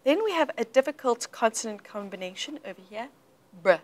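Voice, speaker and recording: A woman's voice: on the high side, animated, brisk. A woman coaching English pronunciation in a live lesson, patiently drilling words and often dropping to a whisper.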